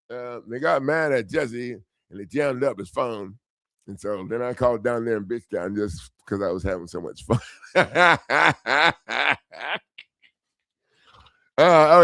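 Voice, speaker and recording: Man, middle-aged, gravelly, lively swooping pitch, profane storytelling, dry close sound. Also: no room sound. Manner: animated, profane, laughing, acts out quoted voices. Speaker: legal self-help coach. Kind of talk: casual storytelling monologue.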